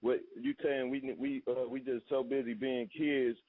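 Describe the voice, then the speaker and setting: Defiant caller on a tinny phone line. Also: male voice, mid-range voice, flat delivery, a little slow, no room sound. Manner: insistent, defiant, stumbling repeats. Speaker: radio caller. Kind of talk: heated argument on a call-in show.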